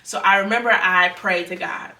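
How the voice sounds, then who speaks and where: A woman's voice: medium pitch, steady tone, normal speed, bright, forceful tone. A young woman earnestly sharing a personal faith testimony in a conversational, repetitive way. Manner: earnest, conversational, repeats herself. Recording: roomy sound, mic at a distance.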